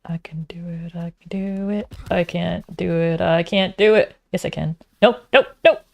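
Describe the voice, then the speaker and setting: A woman's voice: on the low side, steady tone, moderate pace, creaky. A woman, talking to herself while streaming a frustrating game, muttering and sometimes whispering. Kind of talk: casual gameplay commentary.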